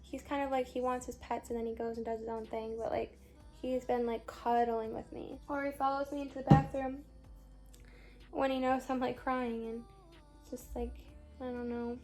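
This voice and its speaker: A young woman in her twenties with a high voice held in a narrow, flat range. She is tired and sore after surgery. She rambles and stops halfway through her thoughts while she vlogs into a phone at home, with faint music underneath. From Chicago, USA. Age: 20s. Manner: rambling, halting, many fillers. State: weary and in pain after surgery. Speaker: vlogger. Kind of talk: casual recovery vlog.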